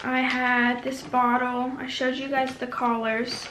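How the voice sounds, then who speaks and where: A young woman vlogger tearfully and earnestly retelling a painful story in a quick, rambling way. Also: a little high, completely flat delivery, fairly bright tone, slight background noise. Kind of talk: emotional storytelling vlog. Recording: echoey room.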